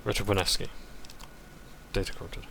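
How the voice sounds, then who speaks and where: A man's voice: a little fast, bright, forceful tone, a little hiss or hum. A man hosting a casual playthrough, reading in-game texts aloud and often tripping over words and then correcting himself. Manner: stumbles and corrects himself mid-word. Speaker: let's play host.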